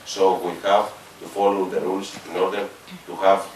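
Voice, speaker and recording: A man from Greece with a Greek accent, giving a conference presentation as a regional official, halting with fillers and self-corrections. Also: low voice, level tone, roomy sound, far from the mic, a little hiss or hum, low-quality recording. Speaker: regional managing authority official.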